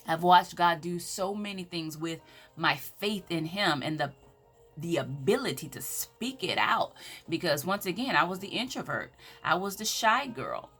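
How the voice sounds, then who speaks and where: Southern woman giving a bright inspirational talk. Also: fairly low pitch, animated, a little slow, husky, faint music behind. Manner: preacherly, scripture-quoting, emphatic. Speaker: women's empowerment speaker.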